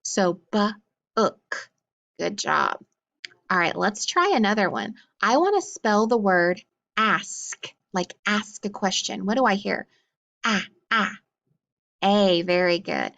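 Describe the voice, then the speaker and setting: A woman teaching a phonics lesson in an upbeat, encouraging way, sounding out letters slowly. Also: medium pitch, lively intonation, creaky, fairly bright tone.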